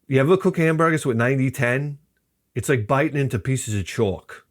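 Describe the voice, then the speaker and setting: Middle-aged guy, rambling profane storyteller, mid-pitched, swings into funny quote voices. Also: moderate pace. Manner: profane, animated, acts out quotes in other voices. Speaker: channel host.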